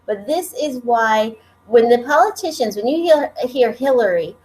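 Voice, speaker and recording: A woman's voice: on the high side, animated, moderate pace, darkish tone, poor audio. A woman in her thirties from the United States, co-hosting a live political web show and making her point earnestly and insistently. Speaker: co-host.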